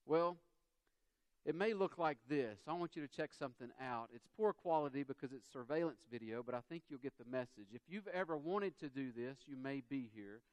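A man's voice: mid-range voice, lively intonation, fairly quick, clear, resonant tone, no room sound. A man with a Southern US accent preaching a sermon, acting out quotes and everyday dialogue as he goes. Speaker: pastor.

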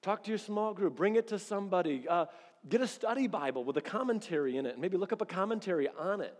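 A fairly high-voiced man in his thirties delivers a conversational, lively sermon as a pastor, slipping into quick acted-out quotes. His voice rings with the long reverb of a large church hall.

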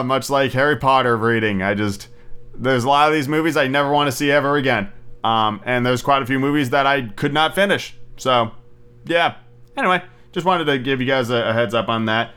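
A man's voice: mid-range voice, a little fast, a bit bright, clean tone. A man hosting a casual podcast, reading fairy tales aloud with wry, chatty asides. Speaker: podcast host.

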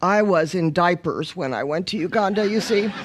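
A woman's voice: on the low side, moderate pace. A middle-aged woman, a missionary guest preacher, praying and then preaching with humorous stories and call and response. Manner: warm, humorous storytelling with congregational call and response. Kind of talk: sermon with opening prayer.

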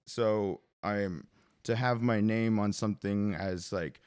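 A man's voice: fairly low pitch, slow, a little mellow, clear, resonant tone, no room sound, studio quality. A male drummer answering interview questions casually, hesitant and full of fillers and restarts. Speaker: drummer and percussionist.

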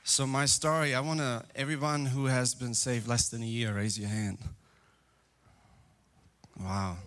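A man's voice: mid-range voice, fairly even intonation, measured pace, fairly bright tone, slight background noise. A man in his twenties sharing his personal testimony in church, speaking in an earnest and candid way. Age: 20s. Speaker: guest giving testimony. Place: church, live.

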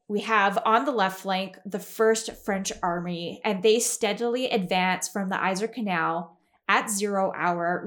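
A woman's voice: medium pitch, a bit bright. Woman podcast host chatting through a history recap, lots of ums and little laughs. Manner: chatty, giggles often, many fillers.

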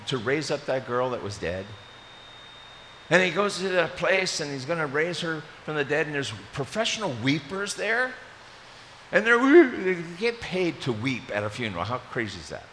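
Animated male pastor, bright and lively. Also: on the high side, moderate pace. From Maryland, USA. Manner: animated storyteller with joking asides. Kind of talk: sermon. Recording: reverberant hall, faint hiss.

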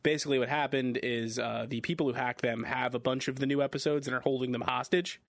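A man's voice: medium pitch, steady tone, quick pace, gravelly, no room sound. A man co-hosting a podcast, chatting casually with a wry, dry sense of humor. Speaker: podcast co-host. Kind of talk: casual chat.

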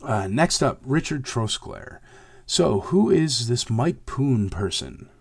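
A man hosting a casual chat answering viewer questions, his voice hoarse and raspy from illness, rambling with many fillers and turning emphatic. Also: medium pitch, sing-song, slow, no room sound. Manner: rambling, many fillers, gets heated and emphatic about fakes.

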